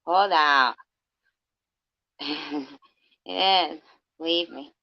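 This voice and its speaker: A woman talks casually to her stream audience, laughing often and swearing freely. Her voice sits low and she speaks slowly. The audio is dull and dry, with no room sound. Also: no room sound. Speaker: livestreamer. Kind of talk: casual livestream chat.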